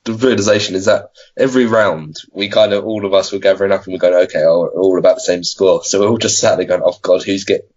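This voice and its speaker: A man's voice: deep voice, steady tone, fast, few pauses, darkish tone. A man, a podcast co-host chatting casually in a matter-of-fact way. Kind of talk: casual chat. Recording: dull lo-fi audio, off-mic.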